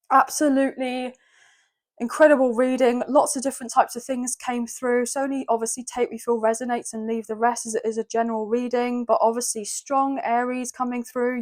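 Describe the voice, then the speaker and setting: A woman giving a spontaneous tarot reading to her viewers, effusive and emotional, exclaiming often and rambling with many fillers. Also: on the high side. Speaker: tarot reader.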